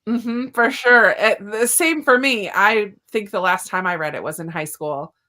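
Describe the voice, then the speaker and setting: A woman's voice: medium pitch, unhurried, bright, forceful tone. A woman hosting a live book discussion over a video call, welcoming viewers in an eager, chatty way with plenty of fillers. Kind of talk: casual live-stream chat.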